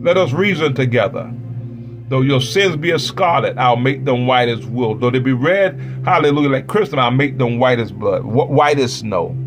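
A man preaching a sermon, chanting repeated phrases that build up into shouted peaks. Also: mid-range voice, animated, moderate pace. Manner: chanting repetition, rising to shouts. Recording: preaching over loud music.

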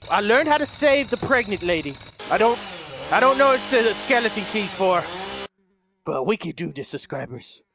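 A man's voice: high voice, very animated, normal speed, background noise. A man doing let's play commentary, jumpy and profane, shrieking when startled and muttering repeated nervous words. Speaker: gameplay commentator. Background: game music.

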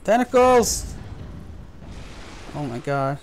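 A man's voice: fairly high pitch, sing-song, slow pace, slight background noise. A man giving frustrated, profane trash-talking commentary while playing a game. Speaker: gaming video host. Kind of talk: gameplay commentary.

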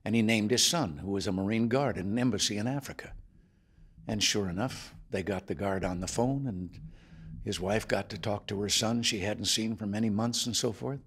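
Man in his 70s, slightly low husky voice, telling a relaxed folksy anecdote to luncheon guests. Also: normal speed. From United States. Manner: folksy storytelling with chuckles. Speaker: president addressing luncheon guests. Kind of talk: after-lunch speech with anecdote. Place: formal dining room indoors.

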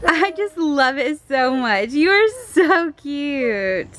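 Young woman, high voice, very lively, giggly baby talk, home phone video. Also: takes it slowly, slight background noise. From United States. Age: young adult. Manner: giggly, coos baby talk to her son. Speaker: mother filming her family. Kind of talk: home video chat with a toddler. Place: family home, indoors.

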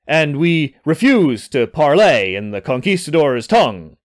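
A man's voice: on the high side, sing-song, unhurried, dry recording, studio quality, voice pushed down. A man voicing a flustered young male time traveller who stammers and rambles through excuses.

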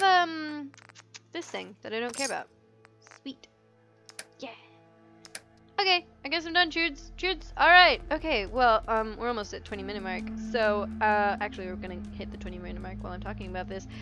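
A woman's voice: a little high, fairly bright tone, dull audio. A young woman commenting on her own gameplay in a playful, silly and sweary way, into a desk microphone over game music. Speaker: gaming YouTuber. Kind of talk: let's play commentary.

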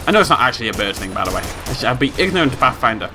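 A British man giving playful, excitable commentary on a game he is playing, humming tunes and yelping with glee. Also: mid-range voice, racing. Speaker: gameplay commentator. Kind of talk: casual let's-play commentary. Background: game music.

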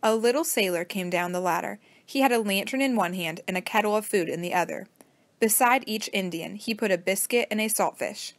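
Female storybook narrator, steady read-aloud, middle pitch, dry close mic. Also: fairly quick, dry recording.

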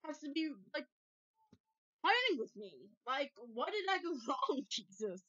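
A woman rambling through casual game commentary, excitable and prone to sudden loud outbursts. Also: high-pitched, a little slow, dry recording. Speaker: gameplay commentator. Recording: dull lo-fi dry recording.

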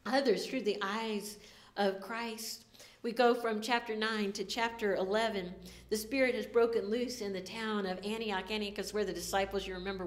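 A woman pastor giving a sermon in a conversational, storytelling way. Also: medium pitch. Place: church sanctuary. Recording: echoey room.

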